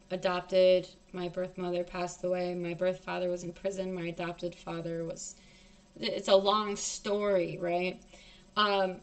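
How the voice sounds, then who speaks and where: A young woman telling a personal story on a stream in a blunt, heavily profane, emotional and emphatic way. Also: medium pitch.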